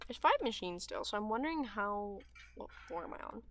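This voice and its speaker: A woman's voice: medium pitch, big pitch swings, moderate pace, a bit bright. A teenage girl chatting aimlessly while she plays a game, with a dry, sore throat and audible lip smacks between her rambling, restart-filled sentences. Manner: chatty and meandering, with frequent fillers and trailing restarts. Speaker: gaming streamer. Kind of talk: rambling gameplay chat.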